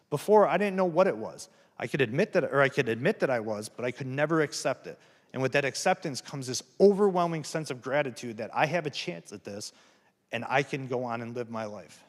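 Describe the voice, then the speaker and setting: This man speaks in a mid-range, animated voice at a slightly fast clip, telling an audience about his recovery. It's a personal testimony at a campus event, candid, earnest, plain-spoken and self-deprecating, recorded with hall reverb.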